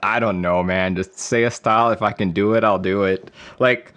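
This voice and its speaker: This man runs a laid-back livestream, wandering from topic to topic and laughing softly while reading viewers' messages out loud. He speaks at a normal speed in a lowish, fairly bright voice with fairly even intonation.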